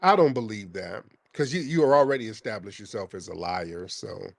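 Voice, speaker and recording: A man's voice: on the low side, lively intonation, brisk, creaky, dry recording. A man hosting a call-in show, confronting a caller in a heated, scornful, interrogating way.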